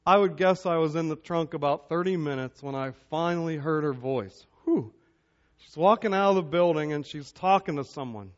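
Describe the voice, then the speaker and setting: A male pastor preaching a sermon, telling a humorous personal story in an animated way before drawing out its lesson. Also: on the high side, fairly quick, hardly any pauses. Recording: dull lo-fi sermon recording.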